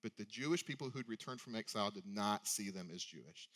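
A man's voice: lowish voice, fast talker, fairly bright tone. A male preacher giving a sermon in a conversational way, often asking rhetorical questions.

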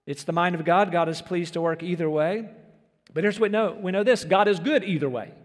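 A man's voice: high voice, brisk, big-room sound. A man preaching a sermon as pastor, earnest and emphatic, asking his listeners questions.

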